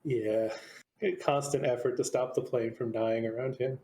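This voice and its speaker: Mellow-voiced man in an echoey room. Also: mid-range voice, fairly even intonation, normal speed. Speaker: player. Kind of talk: casual game chat.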